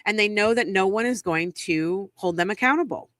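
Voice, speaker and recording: A woman's voice: medium pitch, moderate pace, fairly bright tone, no echo, studio quality. A woman from Massachusetts co-hosting a podcast in casual chat, heated and indignant, swearing for emphasis. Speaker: podcast co-host.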